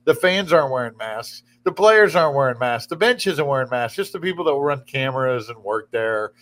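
A man's voice: mid-range voice, lively intonation, fairly quick, fairly bright tone. A man hosting a radio talk show from a studio, chatting casually and rambling, often restarting his sentences. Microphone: studio broadcast microphone.

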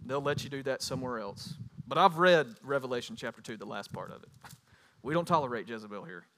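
A man in his thirties preaching a sermon as pastor, animated and building to loud emphatic bursts. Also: mid-range voice, quick pace, slight background noise.

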